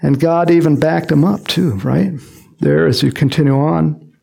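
A man preaching a sermon in a lively, joking manner, acting out quotes and adding chuckling asides as he explains a Bible passage. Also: on the high side, a little slow, gravelly, husky. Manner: animated and jokey, acts out quotes, frequent chuckles and asides.

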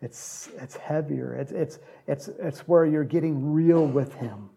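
A man's voice: fairly high pitch, a little slow, gravelly, warm tone, breathy edge. A man preaching a conversational sermon as a pastor, acting out Bible characters in little voices.

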